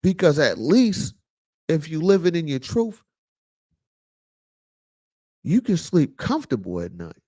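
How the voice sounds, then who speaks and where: A vlog host with a fairly high voice that swoops wildly in pitch delivers a casual, preachy commentary monologue. He speaks unhurriedly, pausing often, with a slightly mellow tone. His speech is loose and packed with fillers, and he repeats lines for emphasis.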